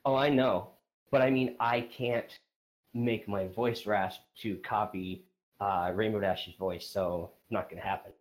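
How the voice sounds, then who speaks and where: A man being interviewed on a casual podcast, self-deprecating and quick to laugh. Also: on the low side, steady tone. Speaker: podcast guest.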